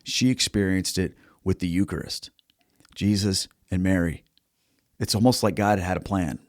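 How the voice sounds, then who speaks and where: A man's voice: low voice, normal speed, dry recording, clean studio sound. A man hosting a faith interview, reflective and conversational, building on his guest's story. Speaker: podcast host.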